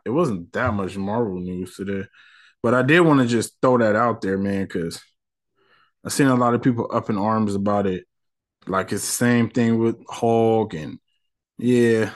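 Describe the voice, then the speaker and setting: A man hosting a casual solo podcast, talking in slangy, ranting commentary. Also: fairly low pitch. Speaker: podcast host.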